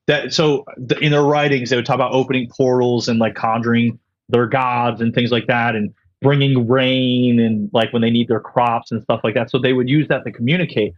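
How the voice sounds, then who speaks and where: A man's voice: mid-range voice, dry recording, dull audio. A young man rambling as a podcast guest in casual chat, cursing often and full of fillers and restarts. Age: young adult.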